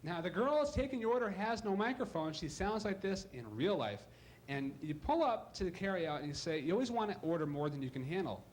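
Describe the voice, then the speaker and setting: A man from Ohio doing a stand-up comedy routine, animated and slipping into silly voices for his bits. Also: sits high, a little fast. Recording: live club recording with audible crowd noise.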